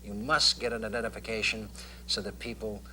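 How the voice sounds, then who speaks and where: Middle-aged comedian guy telling stories, really bright sharp tone, bit of hiss on an old tv tape. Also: on the low side, flat delivery, brisk. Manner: thoughtful, anecdotal, with clipped impressions. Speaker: comedian guest. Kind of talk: talk show interview.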